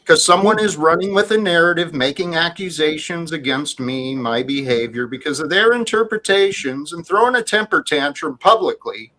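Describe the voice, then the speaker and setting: A man hosting a heated panel argument, who insists again and again that the other speaker calm down and hear him out. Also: fairly high pitch, moderate pace, few pauses, a little hiss or hum, rough recording. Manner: insistent, repeats calls to calm down. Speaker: host.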